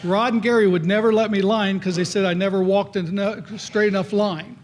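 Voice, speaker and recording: A middle-aged man tells old coaching stories at an awards night. His voice sits fairly high, and he slips into the voices of the coaches and kids he quotes. His delivery is folksy and anecdotal. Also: steady tone, brisk. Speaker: hall of fame inductee giving a speech. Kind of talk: anecdotal acceptance speech.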